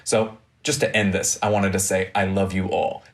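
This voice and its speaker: A student giving a graduation speech in a playful, theatrical way. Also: male voice, sits low, level tone, normal speed. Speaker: student class speaker.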